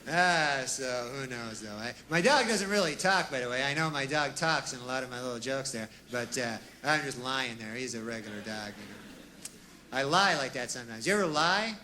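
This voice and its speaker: A man doing a deadpan, rambling stand-up comedy monologue, full of asides and folksy fillers, on a comedy stage. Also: mid-range voice, moderate pace, a little hiss or hum. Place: comedy stage with a live audience.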